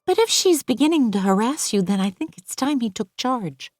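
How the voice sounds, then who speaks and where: Audiobook figure: anxious young mother, plaintive and fretful, read by a woman pitched up. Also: expressive, moderate pace, a little mellow, no room sound, studio quality. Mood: indignant.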